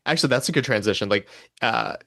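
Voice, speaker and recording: An American man hosting a podcast, relaxed and asking questions, filling his talk with "like". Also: mid-range voice, fast talker, creaky, no echo, clean studio sound. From United States. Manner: relaxed, lots of "like" fillers, asks questions. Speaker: podcast host. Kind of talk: casual chat.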